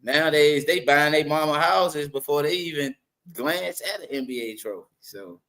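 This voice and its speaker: A man co-hosting a sports podcast, talking in a relaxed, agreeable and slangy way. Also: a little high, moderate pace. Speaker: podcast co-host. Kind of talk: casual sports podcast chat.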